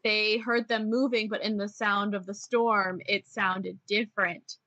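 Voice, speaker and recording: Bright-voiced woman guest on a muffled mic. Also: mid-range voice, flat delivery, measured pace. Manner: hesitant, lots of "like" and restarts. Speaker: podcast guest. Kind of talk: casual chat.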